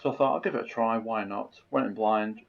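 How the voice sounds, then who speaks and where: A man's voice: on the low side, a little fast, creaky, dull audio. A man speaking as a podcast guest in casual film chat, rambling and enthusiastic, often saying you know.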